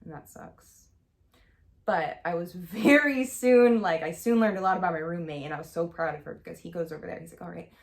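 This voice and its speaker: A young woman recounts a personal story in a loose, chatty vlog manner, her lowish voice catching with a gravelly rasp at the ends of phrases. She rambles candidly, stacking fillers as she goes. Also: brisk. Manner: chatty, heavy use of "like" and "um", candid. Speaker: vlogger. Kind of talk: casual storytelling to camera.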